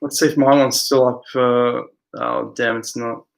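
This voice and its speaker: A man's voice: medium pitch, little pitch movement, measured pace, gravelly. A man hosting a casual live stream, reading viewer comments aloud and rambling with many hesitations.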